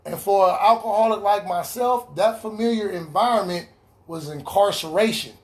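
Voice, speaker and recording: A man with a high voice, speaking at a moderate pace, shares his recovery story earnestly over a video call in an online meeting. He repeats key lines for emphasis as he gives his personal testimony.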